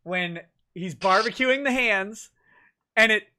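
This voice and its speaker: Guy hosting a livestream, upbeat, laughs a lot, reads chat out loud. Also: high voice, slow, clean tone. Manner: reads viewer chat comments aloud; laughs often, enthusiastic. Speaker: livestream host.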